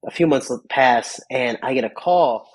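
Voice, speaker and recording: A young man from Chicago, an MMA fighter, telling rambling, animated stories as a podcast guest. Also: mid-range voice, unhurried, rough recording. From Chicago, USA. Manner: rambling, animated storyteller, acts out quotes. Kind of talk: casual interview storytelling.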